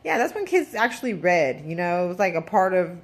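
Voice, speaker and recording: A woman's voice: lowish voice, sing-song, brisk. A woman in her thirties, a mother venting in a casual vlog, blunt and profane with rambling asides. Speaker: parent vlogger.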